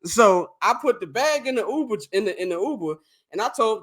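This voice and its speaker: Bright, high-voiced man telling a profane story. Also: fairly quick. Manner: animated, profane, acts out quoted exchanges. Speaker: podcast co-host. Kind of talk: casual storytelling.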